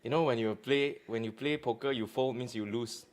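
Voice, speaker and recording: A man's voice: medium pitch, normal speed. A man in his thirties with a Malaysian English accent, casually hosting a live-stream chat and teasing his co-host. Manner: joking and teasing, loud bursts, slang particles like "lah". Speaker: show host.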